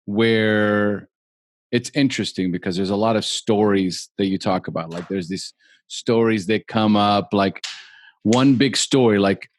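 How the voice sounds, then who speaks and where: A male podcast host speaks in a low, easygoing voice. The recording is dry with no room sound. His talk is loose and casual, full of "dude" and "like". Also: a little slow, no echo. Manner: laid-back, says "dude" and "like". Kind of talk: casual interview chat.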